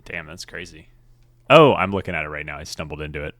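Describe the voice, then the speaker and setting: A deep, low-voiced man co-hosting a sports podcast, talking in a laid-back way with frequent laughs and casual swearing. The sound is close and dry, with no room around it. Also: expressive, fast, fairly bright tone, dry recording. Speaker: podcast co-host.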